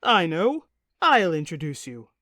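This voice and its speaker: A woman voicing a boisterous, tipsy middle-aged king in an audiobook, loud and blustering. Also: fairly low pitch, sing-song, unhurried, dry recording, studio quality. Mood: jovial. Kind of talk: audiobook character reading.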